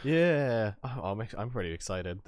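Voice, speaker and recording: A man hosting a stream, talking in a loose, rambling way with plenty of laughter. His pitch swings widely as he talks. The sound is dry and close. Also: moderate pace, no room sound. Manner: animated, laughs often, rambling with restarts. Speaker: streamer host. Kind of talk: casual chat.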